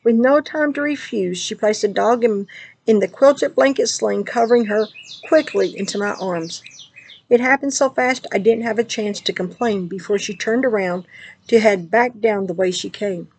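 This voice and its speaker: A woman's voice: medium pitch, normal speed, husky, dry recording, low-quality recording. A woman praying fervently and then recounting a dream. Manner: fervent spoken prayer. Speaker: dream teller.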